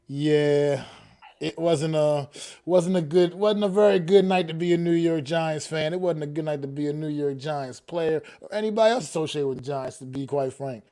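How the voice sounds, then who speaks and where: A man's voice: a little high, normal speed, dark tone. A man hosting a sports podcast in a casual, slangy way, greeting listeners and repeating himself. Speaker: podcast host.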